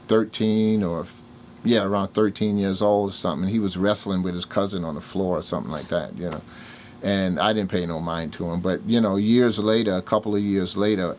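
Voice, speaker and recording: An older man, telling stories in a casual interview and acting out the dialogue with big swings in his voice. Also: a little hiss or hum. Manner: animated storyteller, acts out dialogue with big pitch jumps. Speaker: interviewee, music producer.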